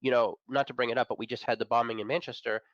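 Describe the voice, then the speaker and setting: A man's voice: mid-range voice, fairly even intonation, racing, a bit bright, no room sound, dull audio. A man chatting as a guest on a talk show, enthusiastic and opinionated, chuckling between points. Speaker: guest, managing editor of an entertainment and tech site. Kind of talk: casual chat.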